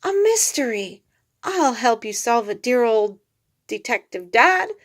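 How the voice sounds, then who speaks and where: A woman voicing an eager young male cartoon dog who flatters his dad with nicknames, read from a storybook. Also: on the high side, unhurried, pitched above the performer's own voice. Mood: cheerful. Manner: cheerful, flattering, talks in rhyming nicknames.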